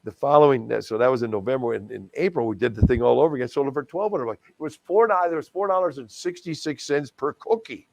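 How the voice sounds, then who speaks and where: A middle-aged man from Wisconsin tells stories in a relaxed interview, with a gravelly edge to his voice. He talks animatedly and pokes fun at himself, tripping over and repeating words as he goes. The sound is close and dry. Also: medium pitch, fast, few pauses, no room sound. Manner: animated, self-deprecating, many restarts and stammered repeats. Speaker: guest, charity auctioneer and stadium announcer. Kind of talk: casual interview storytelling.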